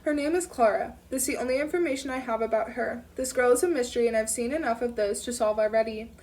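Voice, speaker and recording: A woman narrating a first-person audiobook in a steady reading voice, now and then correcting herself. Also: on the high side, quick pace, distant mic. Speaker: audiobook reader.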